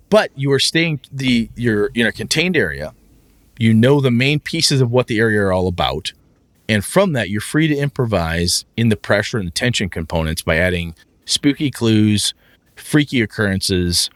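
A man chatting casually about running tabletop games, animated and profane, often acting out his players in a raised, excited voice. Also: on the low side, normal speed, no echo. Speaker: podcast co-host, game master.

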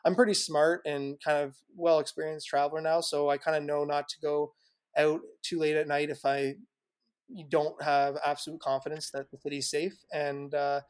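A man's voice: a little high, level tone, moderate pace, smooth, dry recording, clean studio sound. A man telling travel stories as a guest on a podcast, chatty and loose, laughing often, with lots of fillers and restarts. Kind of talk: casual interview chat.

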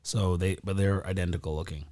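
A young man from the Yukon with a raspy voice, telling laid-back stories as a podcast guest. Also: low-pitched, steady tone, a little fast, mellow. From Yukon, Canada. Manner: laid-back storytelling, frequent laughs. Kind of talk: casual chat.

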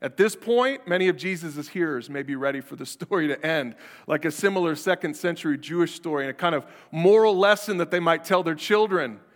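A man's voice: fairly high pitch, fairly quick, few pauses. A man preaching a sermon as pastor, in a conversational style that acts out the people he quotes. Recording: long hall reverb.

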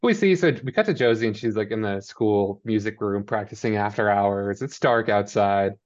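A man's voice: on the low side, moderate pace, highs cut off. A man casually recapping a TV episode with a co-host, rambling and quoting characters in mock voices. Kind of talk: casual chat.

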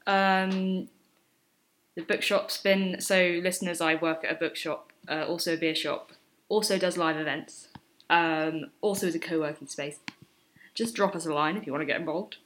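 A woman's voice: lowish voice, fairly even intonation, moderate pace, fairly bright tone. A woman co-hosting a casual chat show, teasing her co-host and laughing easily. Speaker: co-host, bookshop worker.

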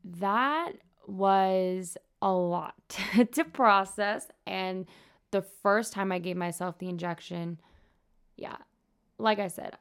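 Young woman with a gravelly voice. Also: medium pitch, slow pace. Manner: candid and earnest, talking openly. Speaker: nurse sharing her own health story. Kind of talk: casual personal vlog talk.

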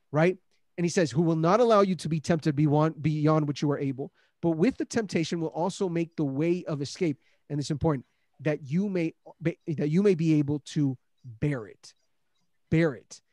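A man's voice: a little high, a little mellow, dry recording, studio quality. A man hosting a Christian discussion, speaking earnestly with many restarts and rising emphasis on key points. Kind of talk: casual faith discussion.

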